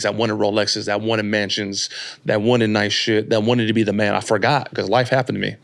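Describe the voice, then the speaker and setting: A man in his late thirties, a podcast guest telling his story in a casual, slangy, animated way and acting out the people he quotes. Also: fairly low pitch, gravelly. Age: 30s.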